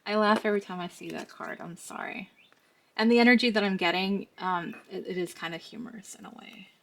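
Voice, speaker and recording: A woman's voice: mid-range voice, fairly even intonation, a little fast, gravelly. A woman giving a casual tarot reading to camera, chatty and laughing often as she talks through the cards. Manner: chatty, laughs often, quotes others in put-on voices. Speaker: tarot card reader.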